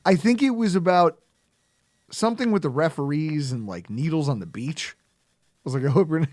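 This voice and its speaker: A man hosting a sports podcast, his fairly high voice swinging widely as he rants with sarcastic, heckling energy. The sound is dry and close to the mic. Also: lively intonation, normal speed, darkish tone, no room sound. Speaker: podcast host. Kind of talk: casual sports podcast rant.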